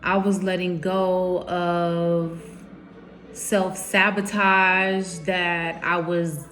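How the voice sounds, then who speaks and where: A woman's voice: lowish voice, level tone, drawn-out words, a bit bright. A young woman telling a personal story to camera at home, candid and emotional, with informal slangy quoted speech. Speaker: vlogger.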